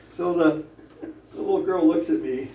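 A man's voice: on the high side, dark tone. A man preaching to a congregation, telling a funny story with many chuckles and asides. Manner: humorous, chuckling storyteller who digresses. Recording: echoey hall from a distance with faint room noise.

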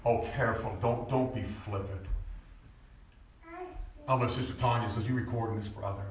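Brief: man in his forties preaching, heard from off-mic in a very echoey church with a faint hum behind him, swings into loud shouted peaks. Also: mid-range voice, fairly even intonation, normal speed, recorded from a distance. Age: 40s. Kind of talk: sermon. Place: church sanctuary.

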